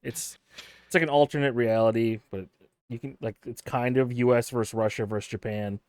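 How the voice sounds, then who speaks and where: A man hosting a casual podcast chat, relaxed, laughing often and trailing off mid-thought. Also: medium pitch, a little fast, smooth, dry recording. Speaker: podcast host.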